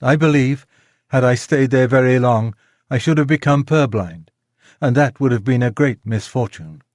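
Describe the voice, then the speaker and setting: A man narrating a classic children's novel in a measured, gentle storytelling manner. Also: mid-range voice, no echo, clean studio sound. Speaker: audiobook narrator. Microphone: close studio mic, dry.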